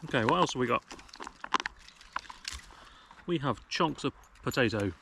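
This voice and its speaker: A man's voice: medium pitch, animated, a little slow, vocal fry, background noise. Wry British man chatting in the woods. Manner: wry, self-mocking, rambling jokes. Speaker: outdoor vlogger. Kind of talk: casual chat to camera. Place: woodland outdoors. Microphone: action camera.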